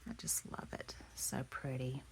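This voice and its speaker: A woman, hoarse from losing her voice, chatting casually as she shows off handmade craft pieces, gushing and often dropping into soft half-whispers. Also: extremely low pitch, completely flat delivery, unhurried. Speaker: craft vlogger. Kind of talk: casual show-and-tell chat.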